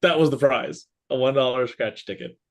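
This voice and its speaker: A man's voice: mid-range voice, normal speed. A man co-hosting a casual business talk show, telling stories and acting out what people said, often laughing. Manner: animated storyteller, acts out quotes, laughs often. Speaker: podcast co-host.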